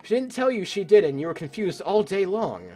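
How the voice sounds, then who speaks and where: A man's voice: high-pitched, big pitch swings, brisk, mellow, soft background music, voice pushed up. A man voicing a playful young woman customer at a bar, reading game dialogue aloud. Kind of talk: let's play voice acting.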